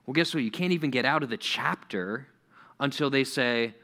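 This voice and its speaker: Animated bright-voiced young male preacher. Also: medium pitch, normal speed. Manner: animated, acts out quoted voices. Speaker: youth pastor. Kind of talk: sermon.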